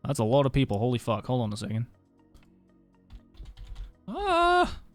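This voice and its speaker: Chatting casually on a live stream, a young man whose Australian accent carries a blend of other influences swears freely and laughs a lot. He speaks rapid-fire at a medium pitch, steady in tone and mellow, over soft background music.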